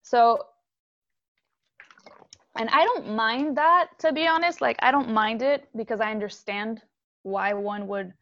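A woman's voice: fairly high pitch, unhurried, pauses often, dry recording. Candid woman on a dull lo-fi video call. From Haiti. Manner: candid and animated, with frequent fillers and laughs. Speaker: guest, musician. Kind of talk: casual interview over a video call.

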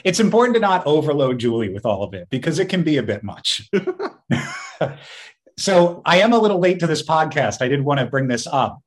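A man co-hosting a podcast in casual chat, telling stories in an animated way and laughing often. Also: a little high, brisk. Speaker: podcast co-host.

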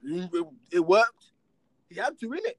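A man with children, talking in a casual chat, animated and rhetorical with heavy street slang. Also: high-pitched, normal speed, no echo. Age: adult with children.

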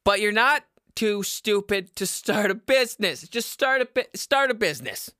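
A young man hosting a comedy podcast, yelling and rambling through an unscripted monologue into a microphone in a basement. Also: sits high, animated, normal speed, no room sound, clean studio sound. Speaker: podcast host. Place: home basement. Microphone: studio microphone.

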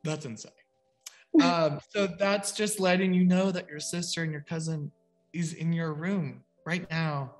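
A man's voice: a little high, fairly even intonation, a little slow, faint music behind. A young man working as a psychic medium, giving a casual, rambling reading full of "like" and fillers. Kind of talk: casual spoken reading on a video call.

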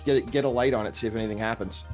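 A man's voice: medium pitch, steady tone, very fast, soft background music. A man playing a tabletop role-playing game, talking playfully. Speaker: player.

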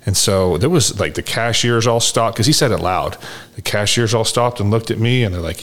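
A man hosting a conversation, telling a personal story in a relaxed, drawn-out way and acting out the dialogue. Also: fairly low pitch. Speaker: host. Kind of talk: casual storytelling chat.

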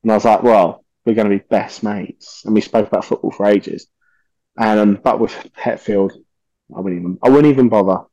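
A man, a podcast guest telling stories in a lively, swearing way and acting out the voices of people he quotes. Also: lowish voice, brisk, no echo. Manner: animated, swears often, acts out quoted voices. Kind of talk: casual storytelling interview.

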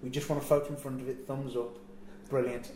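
A man telling a long travel anecdote in a relaxed chat, acting out what people said. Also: mid-range voice, brisk. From England. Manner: animated storyteller, acts out quotes. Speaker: wrestler telling a road story. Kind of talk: casual anecdote. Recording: echoey room, faint ambient noise.

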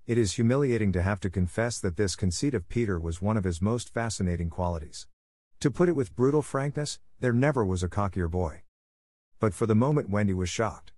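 A man narrating a classic children's story in a measured, even reading. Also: lowish voice, dry recording, studio quality.

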